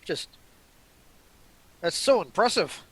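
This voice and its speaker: A gruff but cheery dwarf, bursting with eager curiosity and rattling off questions in a tabletop game voice, as a man puts him on. The voice is lively and louder than his narration, with a gravelly edge softened by good humor. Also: high voice, slow, no echo, pitched above the performer's own voice, exaggerated voice.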